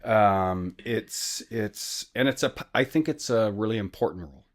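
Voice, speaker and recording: An older man hosting a casual conversation, supportive and warm-hearted in his replies, giving frequent soft backchannel sounds. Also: fairly low pitch, moderate pace. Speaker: host.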